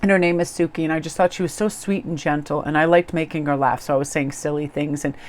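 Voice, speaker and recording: A woman's voice: low-pitched, steady tone, fast, darkish tone. Gushing, chatty woman tarot reader. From Korean heritage, living in New England. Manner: bubbly, gushing, chatty storytelling. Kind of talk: casual chat to viewers.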